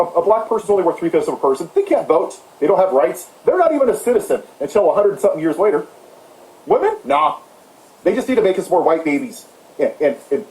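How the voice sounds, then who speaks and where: A man's voice: sits high, darkish tone. Sarcastic ranting man, echoey room. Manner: sarcastic, mocking, heated. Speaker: political commentator. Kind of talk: impassioned ranting monologue.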